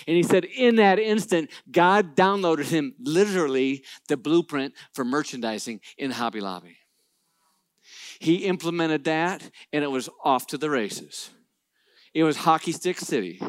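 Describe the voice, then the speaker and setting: A man with a fairly high voice tells a faith story to a live crowd. He is animated and playful, acts out each person's lines, and throws asides to the audience. The sound is close and dry. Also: measured pace, dry recording. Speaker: Christian business speaker.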